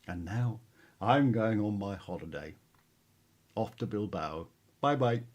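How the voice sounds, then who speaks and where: A man voicing a refined English gentleman with an English accent who speaks in a prim, dry and measured way. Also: lowish voice, lively intonation.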